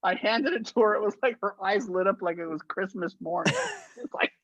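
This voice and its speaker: A man guest, an actor and effects artist, telling profane stories in a casual, animated interview and laughing through them. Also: high-pitched, fairly quick, no room sound, highs cut off. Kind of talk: casual anecdotal storytelling.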